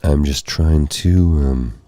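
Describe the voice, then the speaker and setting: Tired, hoarse male ASMR host; extremely deep, dark, gravelly voice; soft, rambling, apologetic delivery. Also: slow, no echo. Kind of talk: soft-spoken ASMR live stream. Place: candlelit room at home. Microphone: close mic for ear-to-ear speaking.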